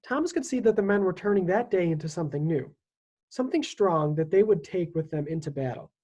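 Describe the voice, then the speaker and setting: A teacher reading a children's historical novel aloud with lively, expressive storytelling. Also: mid-range voice, brisk.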